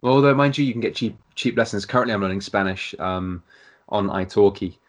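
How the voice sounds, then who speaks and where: A man's voice: on the low side, fairly quick. A man hosting a casual podcast chat, stammering and restarting often as he talks.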